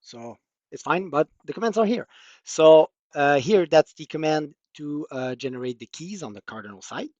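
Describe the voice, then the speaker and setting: Man, French accent, workshop presenter, hesitant explaining, higher voice, dry close sound. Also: expressive, moderate pace, a little mellow, no room sound, muffled recording. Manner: explanatory, hesitant, many fillers. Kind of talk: technical walkthrough.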